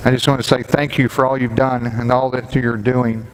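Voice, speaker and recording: A middle-aged man, a pastor giving a Mother's Day sermon and telling a personal story with gentle humor. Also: medium pitch, level tone, normal speed. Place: church sanctuary. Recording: long hall reverb, faint background noise.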